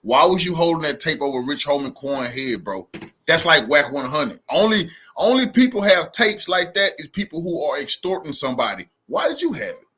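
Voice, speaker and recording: A man's voice: a little high, sing-song, moderate pace, sharp tone, breathy edge. A man hosting a reaction commentary, talking in a mocking, sarcastic way. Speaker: commentary vlogger.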